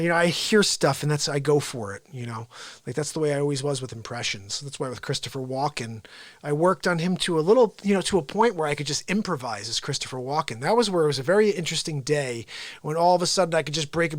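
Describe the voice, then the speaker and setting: A man hosting an unscripted daily live stream, excitable, jumping between shouted bursts and quiet asides. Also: fairly high pitch, fast talker, no room sound. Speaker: host of a daily live show.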